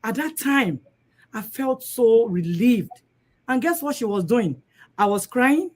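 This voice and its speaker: A woman's voice: a little high, lively intonation, slow. A woman giving a personal testimony in an emotional, heartfelt way. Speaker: guest speaker.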